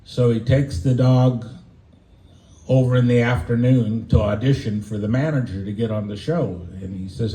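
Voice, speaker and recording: A man performing on a porch, telling a rambling shaggy dog joke with halting restarts and fillers. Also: medium pitch, mellow, roomy sound, low-quality recording. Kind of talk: folksy joke telling and singing. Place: porch, outdoors.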